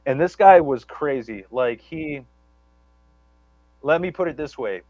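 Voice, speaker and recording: A man's voice: fairly high pitch, moderate pace, no room sound, dull audio. A man telling a long story on a live talk show, rambling and profane, with many restarts and stammers. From Chicago area. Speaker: guest storyteller.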